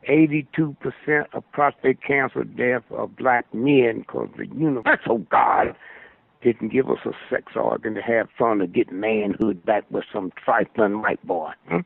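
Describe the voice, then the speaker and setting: A man's voice: mid-range voice, steady tone, measured pace, vocal fry, breathy edge, dry recording. An older man holding forth as a guest, preaching in long rambling stories and asking his listener for agreement. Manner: preachy, asks "Hmm?" for agreement. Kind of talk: rambling storytelling monologue. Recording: phone-line radio call.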